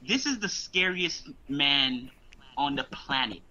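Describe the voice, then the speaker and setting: A young man co-hosting a casual fan podcast, talking in halting bursts that restart mid-phrase. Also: a little high, lively intonation, pushed and bright, a little hiss or hum. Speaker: podcast co-host. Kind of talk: casual chat. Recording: dull lo-fi audio.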